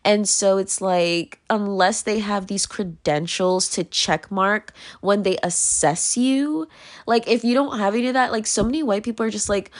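A woman's voice: mid-range voice, moderate pace. Scared young woman venting in a rambling way. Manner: rambling, emotional, many filler words. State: scared, close to tears. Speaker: vlogger. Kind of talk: casual venting monologue.

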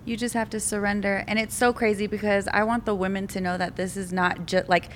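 Woman on a faith podcast, average pitch; candid and confiding, with quick asides. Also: little pitch movement, slight background noise. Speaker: podcast co-host.

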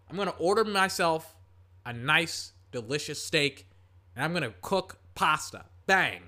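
Rambling young man, bright voice. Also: fairly high pitch, a little slow. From Texas. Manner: rambling, heavy on filler words, bursts into excited play-by-play. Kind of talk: casual rambling chat while calling a football game.

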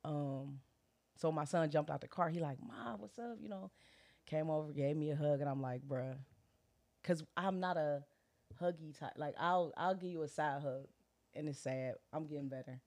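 Animated woman telling a personal story. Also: sits low, normal speed. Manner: animated storytelling with slang and quoted dialogue. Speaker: guest sharing her story. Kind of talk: candid casual chat.

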